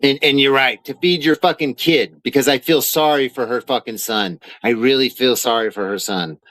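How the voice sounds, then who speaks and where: A man's voice: mid-range voice, normal speed, a bit bright, no echo. A man ranting angrily in a vlog, heated, profane and sarcastic. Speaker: vlogger. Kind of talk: angry rant reading out documents.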